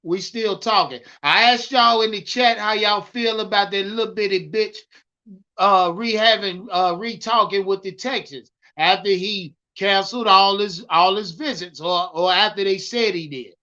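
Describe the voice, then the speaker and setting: A man hosting a live stream, loudly hyped and swearing as he ranted about football and answered his chat. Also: sits high, moderate pace, highs cut off. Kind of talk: profane live-stream sports rant.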